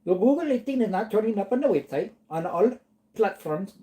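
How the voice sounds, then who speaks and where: A man's voice: high-pitched, expressive, a little fast, mellow, voice pushed up. A man putting on a chirpy sing-song shopkeeper. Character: chirpy shopkeeper with a put-on accent.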